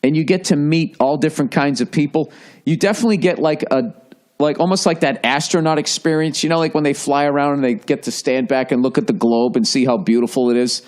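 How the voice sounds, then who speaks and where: A man's voice: fairly high pitch, a little fast. A man hosting a podcast, rambling through a profane comedic monologue with lots of restarts and mocking asides. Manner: animated storyteller. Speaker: podcast host.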